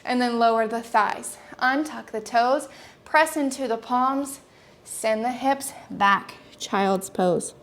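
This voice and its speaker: Young woman yoga teacher, high voice, calm steady cues, a bit out of breath from moving along. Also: takes it slowly, slight background noise. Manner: calm, steady instructional cueing with brief asides. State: slightly out of breath. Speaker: yoga instructor. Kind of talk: cueing a yoga flow while practicing.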